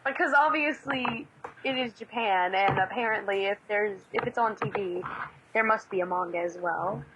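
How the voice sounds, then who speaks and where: A woman's voice: medium pitch, steady tone, moderate pace, background noise. A woman in her twenties co-hosting a casual podcast over a Skype call, bantering and laughing easily while reading the news. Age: 20s.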